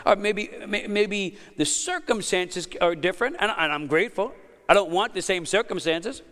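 Energetic preaching man in his fifties. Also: high-pitched, moderate pace, in a large hall. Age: 50s. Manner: energetic, conversational preaching with asides and laughter. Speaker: pastor. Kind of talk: sermon. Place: church hall.

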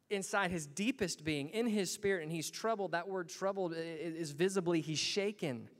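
A man's voice: a little high, long reverb tail. A man preaching a sermon in a church, earnest and building to emphatic bursts. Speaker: pastor.

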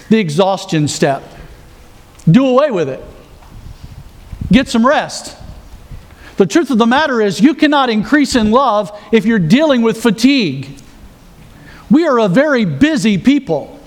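A man preaching a sermon, walking the congregation through numbered points with earnest rhetorical questions. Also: sits high. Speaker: pastor.

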